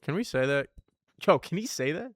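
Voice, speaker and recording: A man's voice: fairly high pitch, lively intonation, normal speed, no room sound, studio quality. A young man streaming a puzzle game from home, rambling and joking in slangy casual chat. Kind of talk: casual live-stream chatter.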